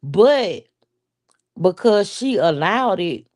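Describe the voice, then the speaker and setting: A woman's voice: mid-range voice, big pitch swings, drawn-out words, darkish tone. A woman giving her blunt, rambling opinion on a show in casual, profane chat. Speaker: show commentator.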